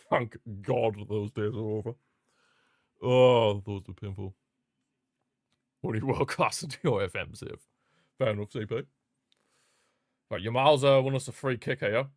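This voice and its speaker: A man hosting a live football watchalong, chatting excitedly, reacting to the match and answering viewer comments. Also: on the low side, measured pace, long pauses, no echo, clean studio sound. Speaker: watchalong host.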